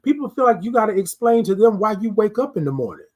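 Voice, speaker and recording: A middle-aged man speaks in a slightly higher voice, preaching about self-worth on his morning live stream. He repeats his phrases like a sermon and stops to greet viewers in the chat. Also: very animated, quick pace. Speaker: host of a morning live show. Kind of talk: motivational live-stream talk.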